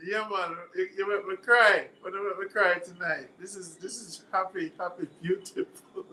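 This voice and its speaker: A man's voice: high-pitched, fairly even intonation, normal speed, sharp tone, a little hiss or hum, rough recording. A man with a Jamaican accent hosting a live stream, reading viewer comments aloud, laughing often and quizzing his viewers like a teacher. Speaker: livestream host.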